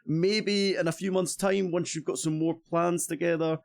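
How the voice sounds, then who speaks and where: A man's voice: fairly high pitch, steady tone, moderate pace, creaky, no room sound. Scottish guy hosting a gaming stream, chatty, trips over his words a lot, dry sound no room. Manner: chatty, cheerful, stumbling restarts. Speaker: streamer host. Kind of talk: casual stream chat.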